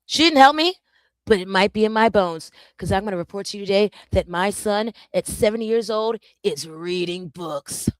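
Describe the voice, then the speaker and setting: A woman content creator chatting casually and jokingly to her viewers on a live stream, animated and self-interrupting. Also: mid-range voice, normal speed, no room sound.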